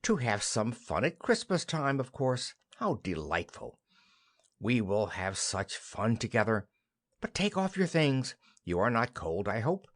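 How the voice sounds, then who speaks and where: A man's voice: medium pitch, very animated, measured pace, a bit bright. A man voicing a cheerful, chattering young wife in an audiobook play reading.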